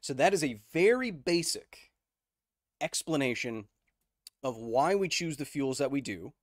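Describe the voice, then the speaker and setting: A man's voice: mid-range voice, big pitch swings, unhurried, dry recording, studio quality. A man hosting a casual livestream, explaining science conversationally, checking in with viewers and answering their chat messages. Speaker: host.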